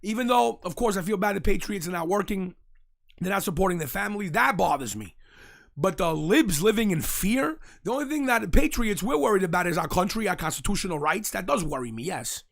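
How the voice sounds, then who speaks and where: A man, hosting a live show and telling stories in a brash, mocking, animated way. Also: sits high, fairly quick, vocal fry. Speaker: host. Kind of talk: casual live-stream rant.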